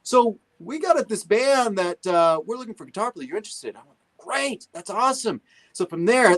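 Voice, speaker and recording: A man guesting on a talk show, casually telling stories and acting out other people's voices. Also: fairly high pitch. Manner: animated, acts out the voices of others. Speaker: guest musician. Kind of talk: casual storytelling.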